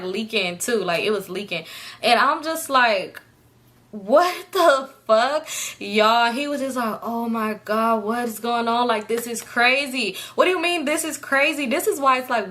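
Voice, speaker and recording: Animated young woman telling a story. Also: mid-range voice. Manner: animated, laughing, quoting others in the story. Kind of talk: casual storytime.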